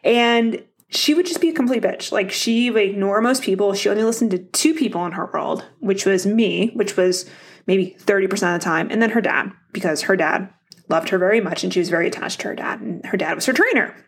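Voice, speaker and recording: A woman's voice: mid-range voice, fairly quick. A woman hosting a casual solo podcast, talking bluntly and motivationally to her listeners, swearing often and laughing easily. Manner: motivational, addresses listeners directly. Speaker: podcast host.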